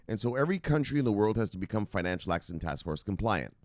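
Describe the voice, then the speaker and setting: A man's voice: fairly low pitch, sing-song, quick pace, a little mellow, dry recording. A man hosting a crypto news show in casual, profane commentary, joking and chuckling as he reads and explains stories.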